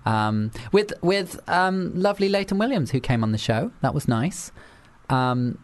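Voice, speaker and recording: A woman's voice: sits low, very animated, measured pace. Giggly woman hosting a chat. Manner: giggly, rambling, repeats words. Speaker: podcast host. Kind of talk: casual chat.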